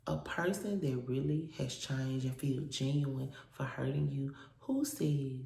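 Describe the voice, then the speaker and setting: A woman's voice: low voice, moderate pace, creaky, few pauses. A woman in her thirties telling a story to her viewers in a blunt, profane, emphatic way, repeating her points for effect. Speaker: vlogger. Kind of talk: casual storytelling rant to viewers. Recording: echoey room with loud background noise.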